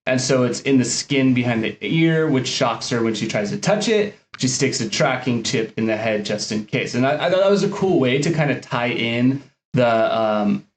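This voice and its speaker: Male podcast co-host, relaxed recap delivery, reverberant room sound. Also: mid-range voice, normal speed. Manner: easygoing, recaps scenes with fillers. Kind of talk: casual podcast chat.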